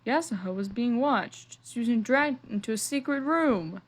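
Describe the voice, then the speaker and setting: A woman's voice: fairly high pitch, lively intonation, measured pace. A woman hosting a casual read-through of a manga with her own reactions. She sounds weary and deflated, rambles, swears a lot and often stumbles over words. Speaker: channel host reading a manga aloud.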